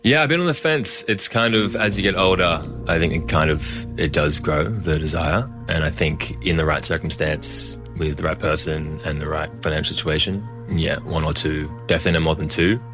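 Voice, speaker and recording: A man's voice: extremely low pitch, normal speed, few pauses. A young Australian man on a blind date, talking casually with lots of fillers and nervous laughs. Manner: laughing, self-deprecating, rambling with fillers. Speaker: dating contestant. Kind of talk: casual chat. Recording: music bed under the talk.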